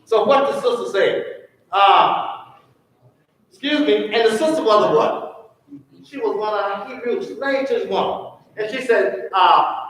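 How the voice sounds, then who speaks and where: A man's voice: high voice, unhurried, pauses often, a bit bright. A man teaching a Sunday school lesson, quizzing the class with questions. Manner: call-and-response questioning. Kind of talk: church Bible lesson. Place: church. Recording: echoey church room, from far off.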